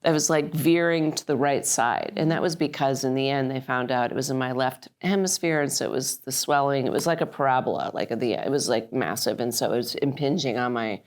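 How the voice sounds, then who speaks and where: A woman in her fifties, a guest on a live interview, telling her story in an animated way and acting out the people she quotes. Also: a bass voice, brisk, hardly any pauses. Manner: frequent fillers and restarts. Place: live stage event.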